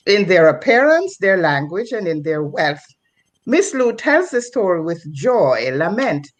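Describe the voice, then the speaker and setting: A woman reverend with a Jamaican accent introducing her poems with frequent ums, speaking over a video call. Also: lowish voice. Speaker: reverend and guest performer. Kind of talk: casual introduction before a performance.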